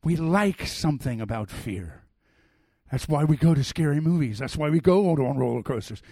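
Animated man preaching, dry close sound. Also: a little high, moderate pace, husky, no room sound. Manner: animated storyteller, swings from loud to soft. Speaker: pastor. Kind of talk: sermon with personal stories.

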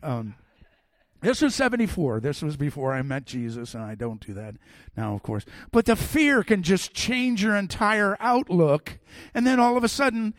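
Middle-aged guy preaching, lively storyteller, kinda high voice, dry sound. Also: moderate pace, no echo. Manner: animated storyteller, swings from loud to soft. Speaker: pastor. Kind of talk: sermon with personal stories.

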